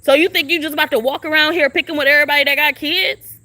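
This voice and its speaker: A young woman on a phone live stream rants outdoors at a shelter, profane and combative, asking the same questions on repeat. She talks fast in a high-pitched, sharp voice whose intonation stays fairly even.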